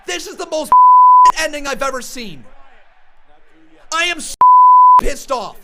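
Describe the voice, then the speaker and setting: A young man in an angry shouted rant, swearing and repeating himself as he reacts to a wrestling show. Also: extremely high pitch, expressive, measured pace, long pauses, very noisy.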